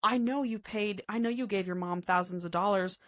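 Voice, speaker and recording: A woman's voice: mid-range voice, a little fast, lightly acted. A woman voicing a threatening, profane male villain who is an abusive father. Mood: menacing.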